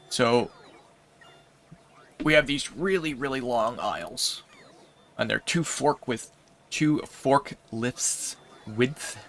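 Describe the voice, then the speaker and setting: Man, livestreamer, slow drawl, rambling with fillers, bright tone. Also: mid-range voice, vocal fry. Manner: rambling, filler-heavy, unhurried. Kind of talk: casual storytelling while gaming.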